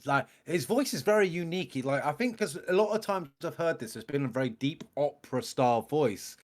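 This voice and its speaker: A man's voice: a little high, animated, fairly quick. A man co-hosting a music reaction video, talking in casual, rambling, gushing praise, with lots of "mate" and "bloody".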